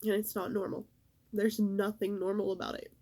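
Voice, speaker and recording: A middle-aged woman in a casual vlog, talking in a halting, emotional way and fighting back tears. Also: medium pitch, flat delivery, mellow. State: tearful. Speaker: vlogger.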